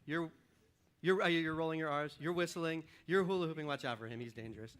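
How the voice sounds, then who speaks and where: A high, bright-toned man leads a sermon from a church stage with an upbeat, joking manner. He calls volunteers up, counts them in, and then turns to his message. His voice carries through a stage microphone. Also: a little fast. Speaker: pastor. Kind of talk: lively sermon with audience participation. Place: church stage before a congregation.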